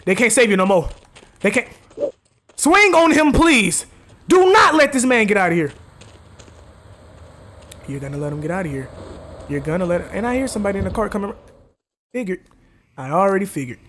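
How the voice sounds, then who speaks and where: A man streaming a game with casual commentary, bragging playfully and now and then shouting at game characters. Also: high-pitched, sing-song, normal speed, pauses often, a little hiss or hum. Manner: boastful, playful trash talk. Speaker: gaming streamer. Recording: loud game sound behind voice.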